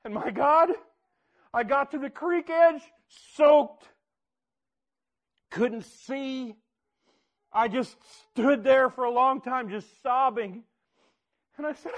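A man preaching, telling a personal story in an earnest way that swings from hushed to loud. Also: extremely high pitch, unhurried, long pauses, lo-fi sound. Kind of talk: personal testimony sermon.

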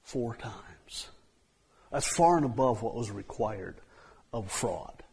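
A man's voice: mid-range voice, expressive, measured pace, a little mellow, husky. A man preaching a sermon in a conversational way, often repeating himself and saying "you know.".

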